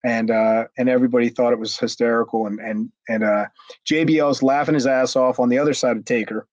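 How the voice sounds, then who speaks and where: A man's voice: medium pitch, brisk, dry recording, muffled recording. Man telling a rowdy backstage story. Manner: animated, acts out quotes with raised voice, frequent restarts and swearing. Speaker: former wrestler telling a story. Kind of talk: casual storytelling interview.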